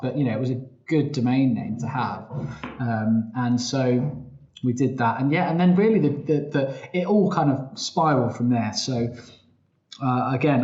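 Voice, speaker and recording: A man's voice: medium pitch, darkish tone. A man telling his story as a podcast guest, chatty, often quoting himself and restarting sentences. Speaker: podcast guest, travel company founder. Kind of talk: casual interview storytelling. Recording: roomy, slightly dull sound.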